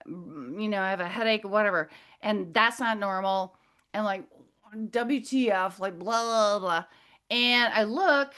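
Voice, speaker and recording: A woman's voice: medium pitch, fairly bright tone. Middle-aged woman, casual talk to a group, colorful and rambling with frequent laughs. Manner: chatty, laughing, colorful and digressive. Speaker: guest speaker.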